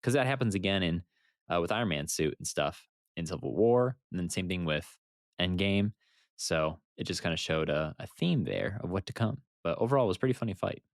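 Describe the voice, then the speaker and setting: A man co-hosting a podcast in casual chat, animated and laughing as he recaps scenes. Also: low voice, fairly quick, creaky, dry recording, clean studio sound. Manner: animated, laughs and uses fillers while recapping. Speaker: podcast co-host.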